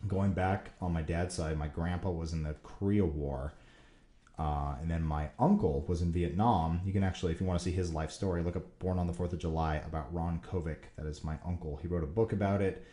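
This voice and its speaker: A man with a low, mellow voice hosts a casual question-and-answer show, rambling enthusiastically through viewer questions. His talk is loose and full of fillers. The recording has a roomy echo. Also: fairly even intonation, brisk. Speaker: Q&A show host.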